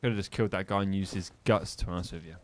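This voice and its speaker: A man's voice: low-pitched, rapid-fire, a little hiss or hum. A young man from the English Midlands with a neutral English accent, chatting casually and swearing while streaming a game. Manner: sweary, joking banter with chat. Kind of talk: casual live-stream chat while gaming.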